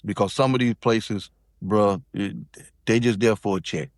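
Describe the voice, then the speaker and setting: A man's voice: fairly low pitch, steady tone, measured pace, no echo, clean studio sound. A middle-aged man from South Carolina, telling a personal story in loose, rambling casual talk as a podcast guest. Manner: loose, rambling, with many restarts and fillers.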